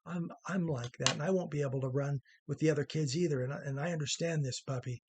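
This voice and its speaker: A man's voice: on the high side, quick pace, background noise, lightly acted. A man doing an earnest little orphan boy. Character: young orphan boy with a prosthetic leg, earnest.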